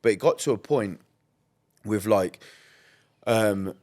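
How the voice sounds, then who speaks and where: A very low-pitched man tells his story as a podcast guest. He talks in a loose, rambling way, peppered with "like", "um" and the odd swear. His delivery is candid and conversational. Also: takes it slowly, a little mellow. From England. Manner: rambling, many "like" and "um" fillers, blunt and swearing.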